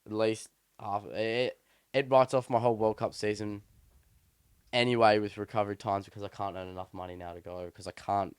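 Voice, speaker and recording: A man's voice: lowish voice, level tone, a little fast, clear, resonant tone, no echo, clean studio sound. A young man co-hosting a podcast, chatting casually and telling a story in a rambling, slangy way with many restarts. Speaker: podcast co-host. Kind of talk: casual chat.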